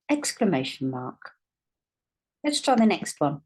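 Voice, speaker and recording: A woman teaching a writing lesson, speaking patiently and dictating words slowly as she writes them out. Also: on the low side, sing-song, slightly rough. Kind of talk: dyslexia writing lesson, thinking aloud while writing.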